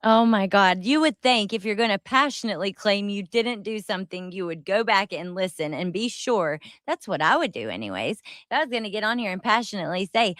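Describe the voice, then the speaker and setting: A woman's voice: medium pitch, animated, brisk, few pauses, fairly bright tone, no echo. A woman hosting a casual commentary stream, laughing a lot, swearing freely and rambling as she reacts. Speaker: streamer host. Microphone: headset.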